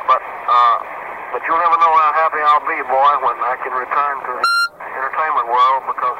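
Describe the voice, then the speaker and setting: A young man interviewed on an old radio broadcast, so excited he stammers through many fillers. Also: mid-range voice, brisk. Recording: muffled noisy old radio recording.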